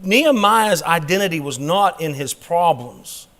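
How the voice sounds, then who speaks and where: A man teaching a church Bible class in a preaching style, emphatic and dropping quick humorous asides. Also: a little high, lively intonation, fairly bright tone.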